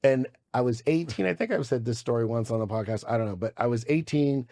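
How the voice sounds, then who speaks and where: A man hosting a podcast, telling stories in an animated, casual way and swearing freely. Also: medium pitch, quick pace. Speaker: podcast host.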